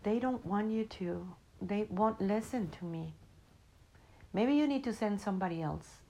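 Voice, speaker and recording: A woman's voice: mid-range voice, mellow. A woman doing a humble, anxious young messenger. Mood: doubtful. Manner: apologetic, pleading, halting.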